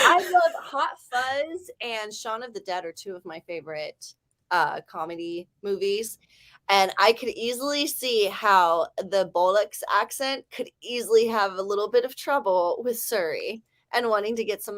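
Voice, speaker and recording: A woman in her forties with a mid-range, somewhat bright voice speaks at a moderate pace, carrying an Ohio accent and a slight lisp. She hosts a casual writing-sprint livestream, chatting and rambling in a self-deprecating way.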